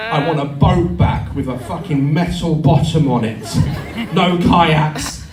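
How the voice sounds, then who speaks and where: A man telling a comic story to a live audience, animated and sweary, acting out voices and screams. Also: medium pitch, moderate pace, noisy background. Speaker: live show performer. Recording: echoey venue, heard from afar. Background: audience laughter.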